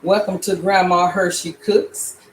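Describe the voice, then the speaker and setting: A woman's voice: on the low side, steady tone, unhurried, a little hiss or hum. Chatty grandmotherly woman in echoey kitchen. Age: older. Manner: chatty, playful, frequent laughs and "all right?" check-ins. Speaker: home cooking show host. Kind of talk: casual recipe demonstration. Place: home kitchen. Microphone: laptop camera.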